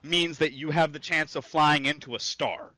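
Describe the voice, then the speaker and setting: Brief: male player, bright and direct, dry close sound. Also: fairly high pitch, moderate pace, no room sound. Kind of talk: casual tabletop play.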